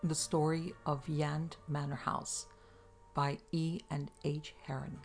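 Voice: mid-range voice, vocal fry. A narrator reading an old ghost story aloud with dramatic pacing. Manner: dramatic, slow in places.

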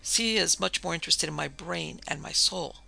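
Picture a smitten undead hoodlum, earnest and a little slow, speaking in stiff, formal sentences with no contractions. The voice sits higher than the reader's own, very gravelly and edged with a sharp, tense brightness, as a man puts him on. Faint music plays underneath. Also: full character voice, poor audio. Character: lovesick male zombie gangster, earnest and slow.

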